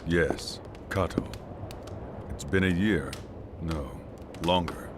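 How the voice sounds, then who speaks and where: A grave deep-voiced game character. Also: male voice, slow pace, background noise. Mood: solemn.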